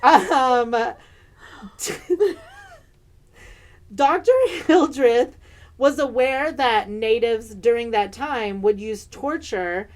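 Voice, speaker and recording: Woman, podcast co-host, higher voice, reads ghost legends, casual joking asides. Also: very slow, pauses often. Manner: reads story passages, chatty asides, swears and laughs.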